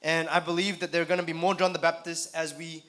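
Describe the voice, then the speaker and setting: Bright, chatty young male preacher. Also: a little high, level tone, fast. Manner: conversational, asks the audience questions, repeats phrases. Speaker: youth conference speaker. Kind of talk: casual youth sermon. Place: conference hall.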